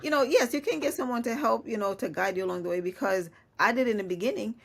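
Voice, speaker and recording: A woman's voice: a little high, quick pace, creaky. Podcast host, woman, chatty and filler-heavy, conversational. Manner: chatty, full of "you know" fillers, laughs often. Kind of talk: casual conversation.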